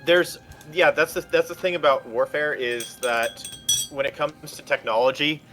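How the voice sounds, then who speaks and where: A man's voice: a little high, fairly even intonation, music in the background. A man chatting with a streamer over voice chat, often restarting his sentences as he builds his point. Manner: halting, restarts often while building an argument. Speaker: voice chat guest. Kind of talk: casual chat.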